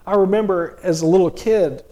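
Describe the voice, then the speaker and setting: A man's voice: high-pitched, brisk, dark tone. A middle-aged man preaching a sermon in a folksy, conversational way, full of restarts and rhetorical questions.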